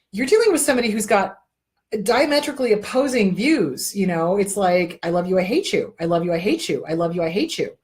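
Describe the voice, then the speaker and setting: A middle-aged woman hosts an advice show in casual talk, blunt and quick to swear. She hammers her points home by repeating them. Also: mid-range voice. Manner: blunt, profane, emphatic repetition. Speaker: therapist host. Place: indoor room.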